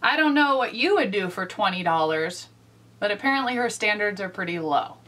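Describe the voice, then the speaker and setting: A woman hosting her own casual vlog in a wry, deadpan way, tossing off dry asides. Her voice sits at an ordinary middle pitch. It is heard from a little distance off the microphone. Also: brisk. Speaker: vlog host.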